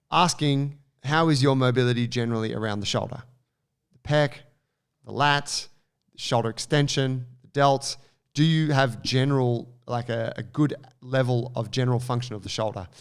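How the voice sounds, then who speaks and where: A man co-hosting a casual podcast. He talks in a relaxed, measured way and keeps his advice practical and down to earth. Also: medium pitch, clear, resonant tone. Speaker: podcast co-host. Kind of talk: casual podcast chat giving training advice.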